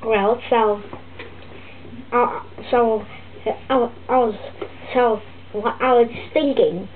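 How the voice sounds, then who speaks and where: A woman voicing a fussy, griping turtle puppet teacher, rambling and halting with many restarts. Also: on the high side, steady tone. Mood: grumbling. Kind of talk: comic puppet vlog monologue. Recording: tinny lo-fi phone-like audio with faint hiss.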